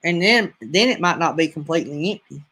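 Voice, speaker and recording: A man's voice: on the high side, animated, brisk, pushed and bright, husky. A man in his fifties from North Alabama with a Southern accent, rambling folksily in a casual live-stream chat with his viewers. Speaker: livestream host.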